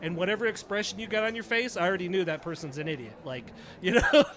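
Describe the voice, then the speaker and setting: A man's voice: high voice, animated, quick pace, a bit bright. A middle-aged man, a retired Navy chief, casually telling a story on a podcast and acting out the dialogue.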